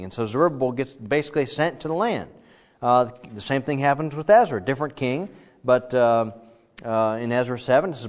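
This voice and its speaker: A middle-aged man teaching a Bible class in a casual, animated way, acting out the quoted dialogue. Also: mid-range voice, moderate pace. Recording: dull lo-fi sound with long reverb.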